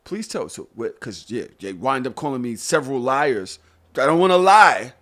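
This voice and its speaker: Animated, exasperated man on a podcast. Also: mid-range voice, moderate pace. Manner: animated, exasperated, swears and rants. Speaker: podcast co-host. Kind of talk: casual chat.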